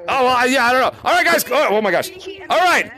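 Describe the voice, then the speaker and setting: High-pitched, hyper energetic man gaming. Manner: energetic, shouty, giggly, repeats words rapidly. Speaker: YouTube content creator. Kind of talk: excited live gameplay chat with fans. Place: virtual reality game lobby, at home. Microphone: VR headset mic.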